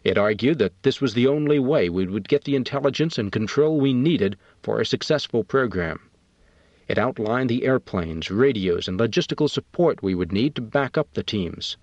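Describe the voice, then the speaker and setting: A man narrating an audiobook in a measured, matter-of-fact way. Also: medium pitch, expressive, a little mellow, no room sound. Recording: dull, dry recording.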